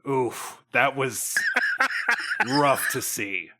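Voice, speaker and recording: Blustering dad, man playing: gruff, crude, jovial, scolding. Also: medium pitch, extremely slow, bright, forceful tone. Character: blustering middle-aged father, crude and jovial.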